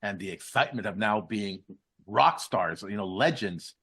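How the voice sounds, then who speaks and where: A man's voice: fairly low pitch, lively intonation, moderate pace, fairly bright tone, slightly rough. A man hosting a podcast interview, asking long rambling questions full of restarts and fillers. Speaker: podcast host. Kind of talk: interview questions, casual chat.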